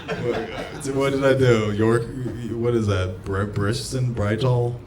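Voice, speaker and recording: A man performing a stand-up comedy set, telling a story and breaking into sudden shouts. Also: mid-range voice, steady tone, slow pace, very noisy. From United States. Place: comedy club stage. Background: audience laughter.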